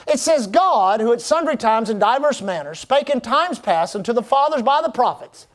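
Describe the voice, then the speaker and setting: A man preaching a sermon as pastor, fervent and rousing, asking the congregation to respond. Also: very high voice.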